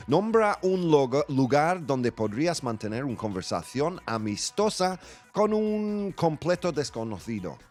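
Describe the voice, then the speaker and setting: A man's voice: medium pitch, a little mellow. A man hosting a casual live morning show, joking playfully and dropping in Spanish phrases. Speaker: radio show host.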